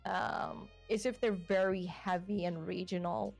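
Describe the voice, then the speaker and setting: A woman's voice: mid-range voice, unhurried, vocal fry, faint music behind. A woman from Sweden with a Swedish accent, a guest chatting casually and acting out quoted remarks. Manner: animated, acts out quoted remarks. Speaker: guest VTuber. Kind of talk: casual chat.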